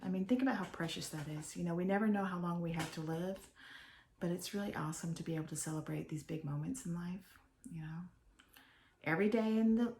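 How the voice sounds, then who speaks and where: Older woman, low voice, gravelly fry, chatty rambling vlog, home office, faint hiss behind. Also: a little mellow. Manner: chatty, meandering, drops to a whisper at times. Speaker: vlogger.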